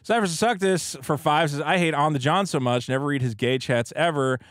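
A man co-hosting a casual podcast, reading out paid chat messages in an animated, self-mocking way. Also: on the high side, normal speed, no echo, studio quality.

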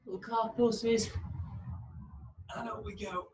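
A man with a high-pitched voice coaches a home hockey workout, counting reps slowly while staying upbeat and encouraging, though out of breath from exercising. The audio is poor, with steady background noise.

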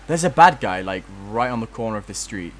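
A man's voice: fairly low pitch, animated, brisk. A young man talks through a game he keeps failing at, cursing and joking at his own expense. His voice rises and falls a lot. Faint noise sits underneath. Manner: frustrated, swearing, laughing at himself. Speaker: gameplay commentator. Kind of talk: casual gameplay commentary.

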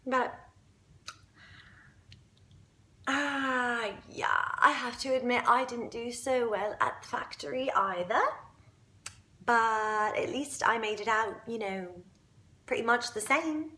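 A woman's voice: a little high, unhurried, pushed and bright. A woman playing a spoiled, spiteful young woman who gloats over a rival, giggling, mocking and dropping into sly whispers. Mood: smug. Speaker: actor auditioning. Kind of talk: audition monologue.

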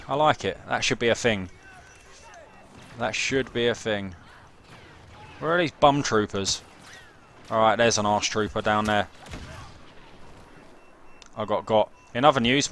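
A man's voice: on the low side, unhurried, pauses often, a bit bright, slight background noise. A young man streaming a game, chatting casually and swearing as he reads chat and plays. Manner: sweary, jokey banter with chat. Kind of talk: casual gameplay commentary.

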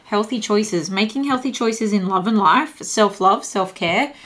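A woman's voice: mid-range voice, measured pace, a bit bright. A woman giving a casual tarot reading to camera who thinks aloud as she muses over the cards and often repeats phrases. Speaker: tarot reader.

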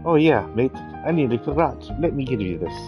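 A man's voice: medium pitch, lively intonation, a little fast, highs cut off, over music, pitched above the performer's own voice, lightly acted. A man voicing a brash young woman thief, cheeky and bouncy, reading game dialogue aloud. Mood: breezy.

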